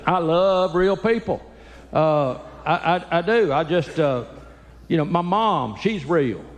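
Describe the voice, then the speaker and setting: A man, a Christian comedian doing folksy, animated stand-up storytelling. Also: fairly high pitch, slow pace. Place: church hall. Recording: echoey hall, faint ambience.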